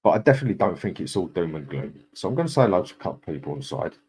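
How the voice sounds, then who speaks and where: A man's voice: low-pitched, big pitch swings, very fast, a little mellow, breathy edge. A man hosts a live stream from home. He chats casually and reads out his viewers' comments, greeting each one in a friendly, matey way. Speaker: livestream host.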